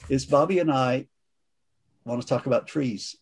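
A man who is a priest, co-hosting a discussion and speaking in a measured, thoughtful way. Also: mid-range voice, a little mellow, slightly rough. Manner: measured, thoughtful, with light laughs. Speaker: priest and co-host. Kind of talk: conversational discussion.

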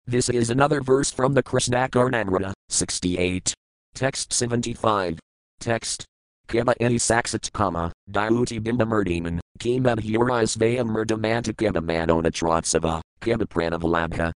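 A man reading scripture aloud in a measured way, saying each foreign term and then its English meaning. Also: mid-range voice, clean tone, no room sound, rough recording. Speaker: scripture reader.

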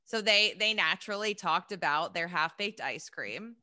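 A young adult woman co-hosting a podcast in casual chat, enthusiastic and quick to laugh. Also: on the low side, animated, sharp tone. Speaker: podcast co-host.

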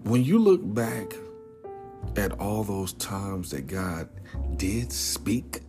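A man's voice: lowish voice, very animated, very slow. A man giving an informal, earnest devotional talk. He often drops to a whisper on key words and casually keeps saying "man". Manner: casual, repeatedly says "man". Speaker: Christian speaker. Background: music.

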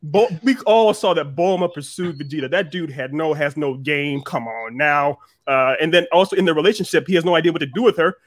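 A man's voice: on the high side, fairly quick, hardly any pauses, dry recording. A man arguing his side in a heated casual debate, incredulous and repeating himself when fired up.

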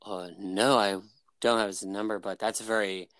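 A man retelling his mother's words as a gentle, reassuring woman. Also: on the low side, steady tone, moderate pace, no room sound, close to an everyday voice.

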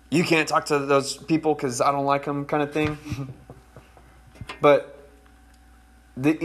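A man's voice: mid-range voice, a bit bright, a little hiss or hum. Conversational man preaching a sermon. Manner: conversational, folksy, addresses congregation directly. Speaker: pastor.

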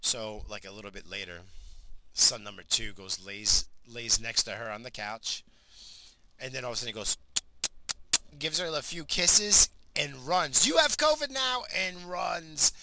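Bright-voiced, rambling middle-aged man. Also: fairly low pitch, a little slow, slight background noise, poor audio. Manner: rambling, profane, lots of fillers. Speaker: vlogger, father. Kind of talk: casual rambling storytelling.

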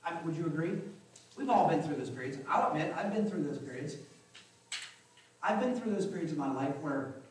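A pastor preaches in a relaxed, conversational way, often repeating a phrase and asking the room whether they agree. His voice sits fairly high for a man. He sounds a little distant from the mic, and a heavy echo from the sanctuary hangs on every word. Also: brisk, pauses often, slight background noise. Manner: conversational, repeats phrases, asks the congregation questions. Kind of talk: sermon. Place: church sanctuary. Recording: very echoey church hall, mic from a distance.

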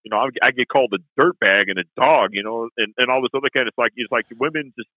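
A man's voice: mid-range voice, fast talker, no room sound. A man chatting on a podcast, rambling and repeating "you know" a lot. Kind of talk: casual podcast chat. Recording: tinny phone-like line.

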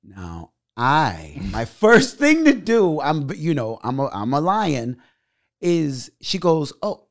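Animated storytelling man. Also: slow. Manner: animated, swings loud and high when reenacting. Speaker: stand-up comedian, guest. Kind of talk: casual storytelling.

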